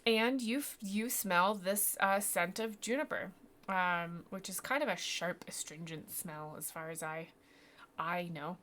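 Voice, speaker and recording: A woman's voice: fairly low pitch, steady tone, measured pace, a bit bright, slight background noise. A woman narrating as game master of a tabletop game, rambling and self-deprecating, with many fillers and restarts.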